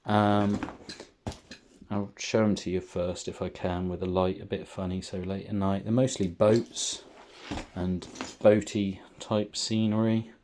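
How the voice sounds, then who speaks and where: Chatty man with a low voice. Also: little pitch movement, a little slow, darkish tone, a little hiss or hum. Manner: chatty, rambling, with frequent ums and uhs. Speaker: car boot haul vlogger. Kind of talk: casual show-and-tell vlog.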